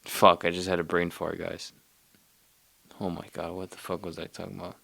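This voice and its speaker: Low-voiced male podcast host with a smooth tone, dry close sound, and casual profane rambling. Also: monotone, normal speed, bright, forceful tone, no echo. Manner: loose, profane, loses his train of thought.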